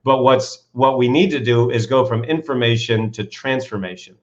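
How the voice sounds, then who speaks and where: A man's voice: mid-range voice, normal speed, dull audio. A man, an author and coach, telling stories with enthusiasm in an interview, leaning on rhetorical questions. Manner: enthusiastic, builds to excited peaks, asks rhetorical questions. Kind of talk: animated interview storytelling.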